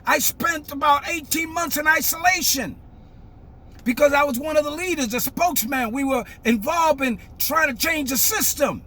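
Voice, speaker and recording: An older man, giving a fiery, emphatic monologue that breaks into shouting. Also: very high voice, normal speed. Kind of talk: impassioned monologue.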